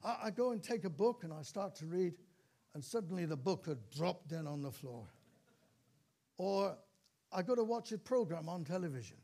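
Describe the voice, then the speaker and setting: An older man preaching with a high, ringing voice. He tells the story with dramatic repeats and breaks into calls of praise as he goes. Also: animated, moderate pace, vocal fry, mellow. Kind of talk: sermon.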